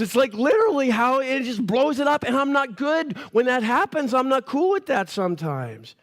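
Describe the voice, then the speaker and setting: A man preaching a sermon as pastor, telling the story in a casual, animated way with playful voices for the characters. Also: very high voice, moderate pace, hardly any pauses. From Canada.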